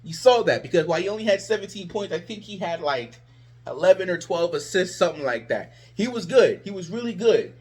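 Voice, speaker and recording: A man's voice: high-pitched, very animated, a little fast, a little mellow. A man ranting about his team in a sarcastic, exasperated vlog. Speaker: sports vlogger. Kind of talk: ranting fan commentary.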